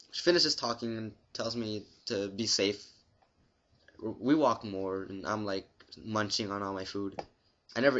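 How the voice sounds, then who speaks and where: Rambling young man, lo-fi webcam audio. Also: lowish voice. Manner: rambling, profane, deadpan asides. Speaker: vlogger. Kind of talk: casual storytelling to camera.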